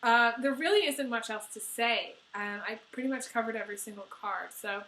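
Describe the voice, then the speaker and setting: A woman's voice: a little high, fairly quick, sharp tone, echoey room, rough recording. A woman reading tarot cards for viewers, emotional and teary, with many fillers and restarts. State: crying. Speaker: tarot reader.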